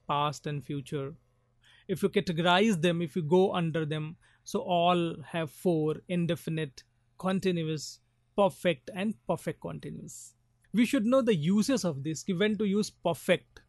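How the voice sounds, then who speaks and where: Man, grammar teacher, patient example-filled explaining, slightly high pitch. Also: a little mellow, no room sound, studio quality. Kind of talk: classroom lecture.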